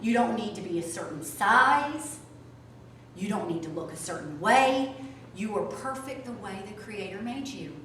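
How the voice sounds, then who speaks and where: A woman teaching a small group, swinging from soft asides to loud outbursts. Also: mid-range voice, animated, moderate pace. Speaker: spiritual teacher. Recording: echoey room from a distance, faint noise.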